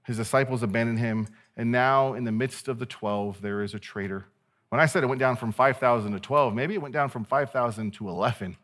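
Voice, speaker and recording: A male pastor delivering a sermon in a lively, conversational way. He jokes with his listeners and acts out the people in the story. His voice sits at a middle pitch for a man. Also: a little fast. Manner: animated, conversational preaching with playful asides.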